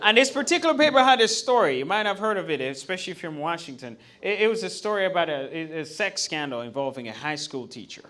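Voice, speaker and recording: A man's voice: a little high, animated, fast talker, hardly any pauses, sharp tone. A man from Uganda, doing a stand-up comedy set on a comedy club stage and telling stories in a conversational way. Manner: conversational storytelling.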